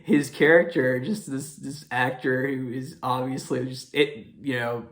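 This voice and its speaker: A man's voice: mid-range voice, steady tone, unhurried, a bit bright. A young man hosting a casual movie review, talking in a rambling way with many fillers and apologetic self-corrections.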